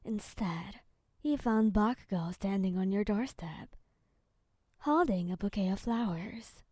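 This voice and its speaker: A woman reading a second-person romance story in a soft, calm, partly whispered way. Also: medium pitch, slow pace, breathy edge, no room sound. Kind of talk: scripted second-person narration.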